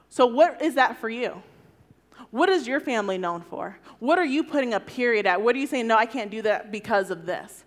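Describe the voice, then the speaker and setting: A young woman giving an animated sermon to a youth audience, telling stories and acting out voices. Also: on the high side, brisk. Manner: animated storytelling, acts out voices. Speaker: youth speaker. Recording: long hall reverb.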